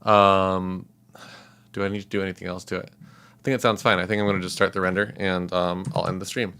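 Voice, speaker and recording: Low gravelly male streamer. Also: little pitch movement, a little fast, sharp tone. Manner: rambling, many fillers, chuckles. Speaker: livestreaming composer. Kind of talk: casual livestream talk.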